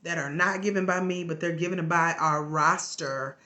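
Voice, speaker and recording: A woman's voice: on the low side, steady tone, normal speed, bright, forceful tone. A sleepy woman with a Southern US accent, talking casually and laughing on a live stream as a life coach. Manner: drawling, laughing, chatty.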